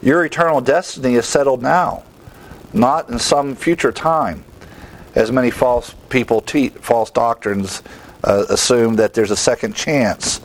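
A man teaching from scripture in a steady mid-range voice, firm and emphatic on each point. He moves quickly from one reference to the next with a lecturing, explanatory delivery. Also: medium pitch, poor audio. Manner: emphatic, rapid verse citations. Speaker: Bible teacher. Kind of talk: expository Bible teaching.

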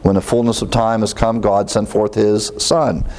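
Lower-voiced man teaching a sermon. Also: flat delivery, moderate pace, a little mellow. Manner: conversational, lists word counts, emphatic rises on key words; jokes lightly with the congregation. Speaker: pastor teaching a Bible study.

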